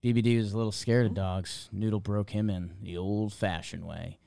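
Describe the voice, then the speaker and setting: A man's voice: lowish voice, fairly even intonation, moderate pace, vocal fry, few pauses, mellow, no room sound, studio quality. A man co-hosting a baseball podcast, joking with the others and reading an upbeat sponsor spot. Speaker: podcast co-host. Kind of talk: casual sports chat and host-read ad.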